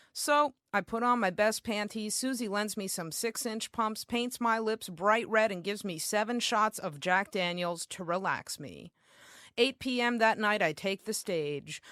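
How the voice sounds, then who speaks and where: A woman's voice: mid-range voice, fairly bright tone, no echo, clean studio sound. A woman performing a brash, comic, profane spoken-word story as a performance poet.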